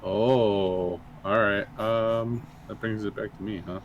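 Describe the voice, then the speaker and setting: A man's voice: lowish voice, fairly even intonation, slow pace, muffled recording, a little hiss or hum. A joking man chiming in as a player. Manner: playful, joking asides. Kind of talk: casual chat at a game table.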